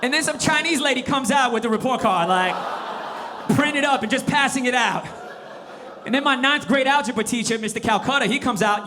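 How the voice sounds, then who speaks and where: A man in his forties performing a stand-up comedy set, animated and switching into impressions. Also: extremely high pitch, a little fast, a little hiss or hum. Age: 40s.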